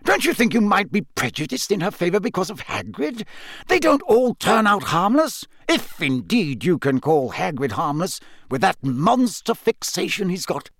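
A man's voice: sits high, sing-song, normal speed, a bit bright, dry recording, clean studio sound, pitched above the performer's own voice, exaggerated voice. A man doing a blustering, impatient minister. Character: blustering middle-aged male government minister.

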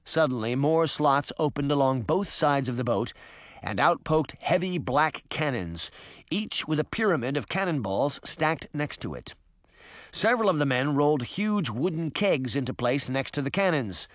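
A man narrating an audiobook in an expressive storytelling manner. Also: on the high side, moderate pace, dry recording, studio quality. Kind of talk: scripted narration.

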